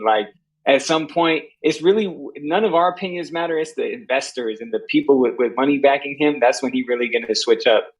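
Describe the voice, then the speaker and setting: A young man in a casual podcast chat, speaking in a loose, slangy, relaxed way. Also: fairly high pitch, a little fast, poor audio.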